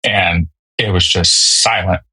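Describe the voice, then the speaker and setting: Low-voiced man, halting and candid. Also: steady tone, sharp tone, slightly rough, dry recording, rough recording. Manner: halting, emotional, frequent fillers and restarts. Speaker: podcast guest. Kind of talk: candid storytelling.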